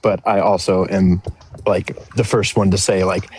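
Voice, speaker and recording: A man's voice: deep voice, flat delivery, unhurried, a little mellow, husky. A man in his thirties calling in, who hedges and fills his answers with "like". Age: 30s. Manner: hedging, fills speech with "like". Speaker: caller. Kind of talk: casual call-in conversation.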